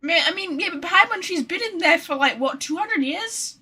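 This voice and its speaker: A woman's voice: extremely high pitch, expressive, moderate pace, sharp tone. A woman streaming a video game, chatting casually, swearing freely and talking to her cat. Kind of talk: casual gameplay commentary.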